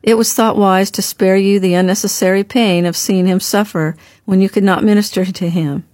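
A woman reading the part of a gentle older brother in an audiobook, speaking calmly and softly. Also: high voice, moderate pace, no room sound, clean studio sound, close to an everyday voice. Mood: soothing. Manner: gentle, calm, softly reassuring. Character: gentle grown man, a caring older brother.

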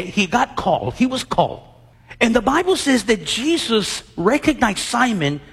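A man's voice: sits high, vocal fry, fairly bright tone, husky, big-room sound. A man preaching a sermon, acting out Bible scenes and quizzing his congregation with questions.

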